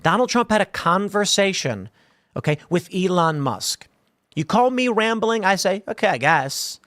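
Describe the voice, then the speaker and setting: Male show host, lively swooping pitch, rambling jokey commentary, dry close sound. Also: moderate pace, no room sound. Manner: rambling, animated, jokey asides. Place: studio room with a fan.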